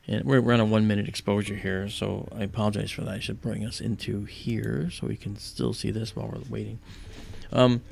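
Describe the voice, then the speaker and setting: A man hosting a live stargazing stream, telling rambling, animated stories with many fillers and pauses. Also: medium pitch, vocal fry. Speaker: livestream host. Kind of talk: casual storytelling during a live stargazing stream.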